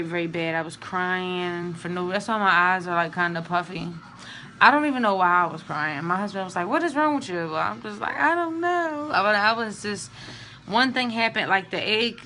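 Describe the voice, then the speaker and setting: A young adult woman talking straight to the camera in a chatty, candid way, her voice on the low side for a woman but bright and forceful. She sounds drained and low on energy, yet keeps talking openly about how she feels. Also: slight background noise. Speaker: vlogger sharing IVF updates. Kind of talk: casual vlog.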